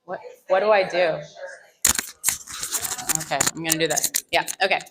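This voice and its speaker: A woman telling a self-mocking personal story live on stage into a microphone, animated and often laughing through her lines. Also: deep voice, normal speed, background noise. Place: live stage before an audience.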